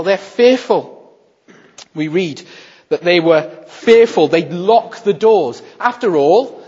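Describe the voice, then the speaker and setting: A man, a minister, preaching a sermon with rhetorical questions, swinging between emphatic lines and hushed quoted words. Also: high voice, husky. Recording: muffled, echoey hall recording.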